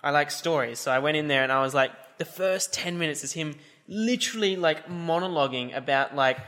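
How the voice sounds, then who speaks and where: A man's voice: fairly high pitch, fairly quick, bright, forceful tone, big-room sound. A tired man co-hosting a casual film review chat, hesitant and fond of acting out scenes. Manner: hesitant, quotes scenes in acted voices. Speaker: podcast co-host.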